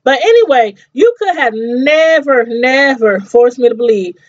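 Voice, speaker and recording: Woman, chatty TV reviewer, high-pitched, laughs often, muffled lo-fi sound. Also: expressive, unhurried. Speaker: TV show reviewer. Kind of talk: casual review chat.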